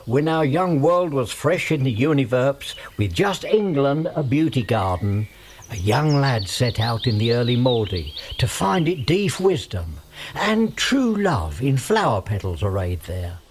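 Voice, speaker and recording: A man's voice: mid-range voice, very animated, a little slow, noisy background. A man narrating a comic story in playful, garbled nonsense words. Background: music.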